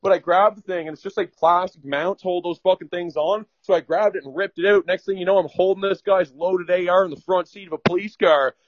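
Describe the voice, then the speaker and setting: A man's voice: high-pitched, steady tone, fairly quick, hardly any pauses, no echo, muffled recording. A young man from Ontario telling a rowdy, profane story in casual chat, rambling and laughing as he goes. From Ontario, Canada.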